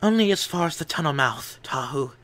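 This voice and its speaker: A man voicing a calm, loyal female water warrior who speaks firmly. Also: on the high side, brisk, voice pushed up. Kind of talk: audiobook character voice.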